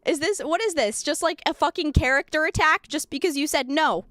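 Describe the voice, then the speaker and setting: A woman streamer reacting live, animated and sarcastic, laughing often and stammering through restarts. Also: sits high, brisk, no room sound. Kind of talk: livestream reaction commentary.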